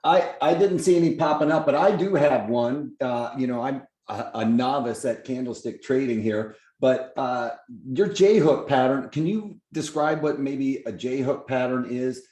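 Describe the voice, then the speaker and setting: A man's voice: mid-range voice, moderate pace, few pauses, warm tone, echoey room. A man co-hosting a webinar who asks questions modestly and hesitantly. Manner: modest, hesitant, many fillers. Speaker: webinar co-host asking questions. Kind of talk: casual questioning.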